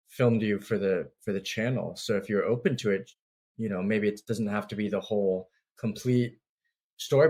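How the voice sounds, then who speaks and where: A male interviewer with a low, husky voice asks gently, leaving space for the guest. He is soft-edged and unhurried in his phrasing. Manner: gentle, tentative asking. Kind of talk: casual interview question.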